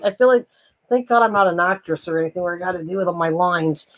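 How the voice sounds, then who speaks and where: A woman's voice: fairly low pitch, fairly even intonation, quick pace. An older woman hosting a craft channel on a live stream at home, chatting in a rambling, self-mocking way and laughing easily.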